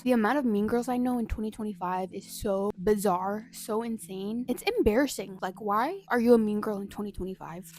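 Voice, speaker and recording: A woman's voice: medium pitch, darkish tone. A woman in her twenties chatting casually at home, telling candid stories full of "like"s. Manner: chatty, candid storytelling with many "like"s. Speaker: vlogger. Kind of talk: casual chat to camera. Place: home, at a coffee station.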